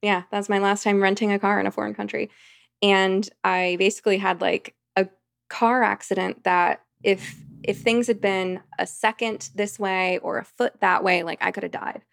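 A woman's voice: mid-range voice, fairly even intonation, normal speed, vocal fry, no room sound, studio quality. A woman, a podcast guest, telling a long personal anecdote in a rambling, vivid conversational way. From United States. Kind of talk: storytelling in conversation.

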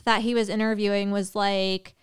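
A woman guest in a casual podcast chat, rambling and animated, full of "like" fillers. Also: mid-range voice, clear, resonant tone. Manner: rambling, heavy use of "like" fillers; animated, quick bursts of excitement.

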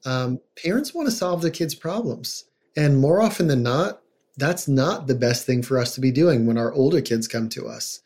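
A man's voice: medium pitch, animated, moderate pace, darkish tone. A middle-aged man, a psychologist guest on a podcast, talking casually and now and then acting out quoted voices. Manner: conversational, acts out quoted voices.

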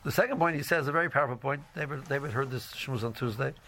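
A man's voice: mid-range voice, quick pace, fairly bright tone, slight background noise. A man giving an informal religious lecture as a Torah class teacher, rambling with many "you know"s and restarts and mixing Hebrew and Yiddish terms into his English.

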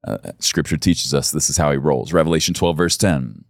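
A man's voice: very deep voice, normal speed, creaky, hardly any pauses, no echo, clean studio sound. A middle-aged male pastor preaching a sermon in an earnest, intimate way that swells to emphatic peaks.

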